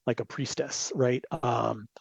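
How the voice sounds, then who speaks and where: A man's voice: mid-range voice, steady tone, slow pace, creaky, slightly rough, no echo. A man talking as a podcast guest in a rambling, digressive casual chat, with frequent asides, on a dull lo-fi recording.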